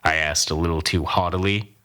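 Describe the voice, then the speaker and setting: A man's voice: low voice, fairly even intonation, fairly quick, pushed and bright. A man playing a grizzled old cowboy who tells a comic tall tale in a folksy, boastful, rambling way. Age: older. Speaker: storyteller.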